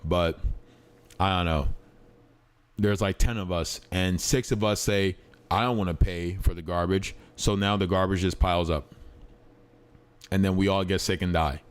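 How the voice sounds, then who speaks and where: This streamer reacts to a clip in a low, steady, smooth voice, speaking unhurriedly and pausing often. His casual live-stream commentary is slangy and blunt, punctuated by repeated apologies.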